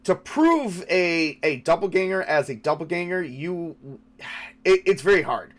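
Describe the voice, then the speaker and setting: A man's voice: on the high side, expressive, unhurried. A man running a tabletop game as game master, thinking aloud with many fillers and restarts.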